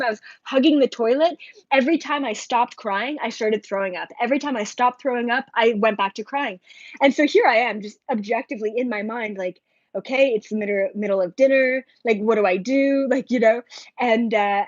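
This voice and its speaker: A woman's voice: fairly high pitch, dry recording. Chatty woman rambling on a livestream. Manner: rambling, heavy use of filler "like". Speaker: spiritual intuitive livestream host. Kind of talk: casual livestream storytelling. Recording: slightly dull lo-fi dry audio.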